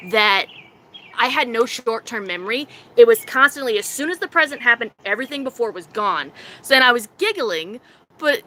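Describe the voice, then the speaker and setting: A young woman streamer telling a story casually and with animation, often giggling and acting out her own quotes in a silly high voice. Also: pushed and bright, a little hiss or hum. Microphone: phone.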